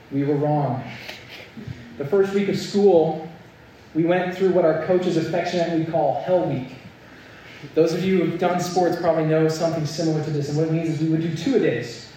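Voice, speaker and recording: A man's voice: fairly high pitch, dark tone, slight background noise. A young man preaching a sermon, telling a story and building to earnest, emphatic points. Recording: echoey hall, mic at a distance.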